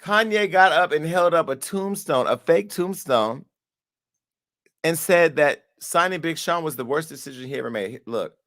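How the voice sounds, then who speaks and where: A man hosting a talk show, commenting on interview clips and spinning animated, profane stories. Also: fairly high pitch, normal speed. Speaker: show host.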